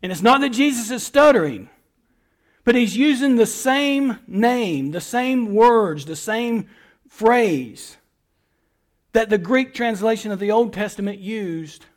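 A middle-aged man preaching a sermon as pastor, building emphatic repeated phrases and swinging from loud appeals to hushed words. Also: sits high, a little slow.

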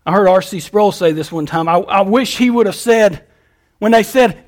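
A man's voice: high-pitched, steady tone, brisk. A male pastor preaching a sermon in a folksy, emphatic way.

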